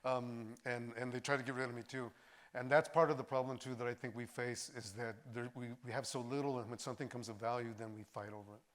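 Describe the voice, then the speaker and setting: An older actor and filmmaker, a man, telling stories in a lively way at a post-screening discussion, acting out voices as he goes. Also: mid-range voice, fast. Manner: animated storyteller, acts out voices. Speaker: actor and filmmaker, interview guest.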